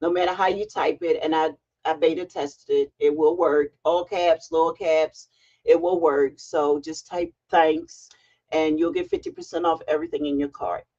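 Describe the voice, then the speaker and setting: A middle-aged woman hosting a casual livestream from home, chatty and excitable as she greets viewers. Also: low voice, moderate pace. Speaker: livestream host. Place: home, sitting on a heating pad. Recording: dull lo-fi livestream audio.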